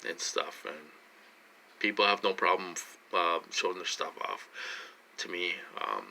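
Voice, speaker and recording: A man's voice: sits low, steady tone, a little slow, gravelly, bright, forceful tone, slight background noise. A man talking straight to his vlog audience from his own room, rambling and repeating himself with lots of fillers. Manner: rambling and repetitive, heavy with fillers. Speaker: vlogger. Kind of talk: casual vlog monologue.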